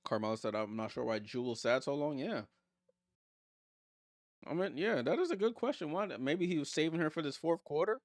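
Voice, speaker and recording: A man's voice: a little high, expressive, brisk, no room sound, studio quality. A man streaming a casual live watchalong, calling plays and answering viewer comments with blunt, teasing remarks. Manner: reads viewer comments aloud and answers them.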